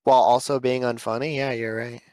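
A man's voice: medium pitch, level tone, brisk, darkish tone, clean tone, dry recording. A young man co-hosting a casual podcast, telling stories with a jokey, mocking edge. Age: young adult. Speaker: podcast co-host.

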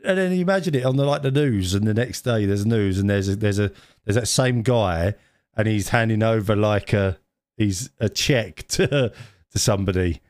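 A man co-hosting a podcast, chatting casually, animated and laughing often as he reacts. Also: lowish voice, normal speed, no echo, studio quality. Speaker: podcast co-host. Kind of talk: casual chat.

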